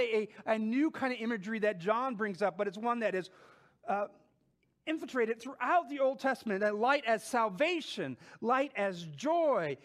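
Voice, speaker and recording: A man preaching a sermon in a conversational way, with fillers and restarts, reading scripture slowly and with weight. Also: sits high. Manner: animated, with quoted scripture spoken slowly. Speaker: pastor.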